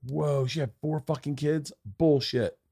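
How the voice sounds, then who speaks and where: A man hosting a podcast in casual chat, loud, joking and full of swearing. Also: a little high, little pitch movement, a little slow, vocal fry, breathy edge. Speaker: podcast host.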